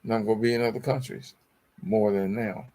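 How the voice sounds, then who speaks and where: A middle-aged man hosts a motivational talk show, sounding preachy, repeating his phrases and addressing listeners as y'all. His voice is lowish and dark, fairly quick, with fairly even intonation.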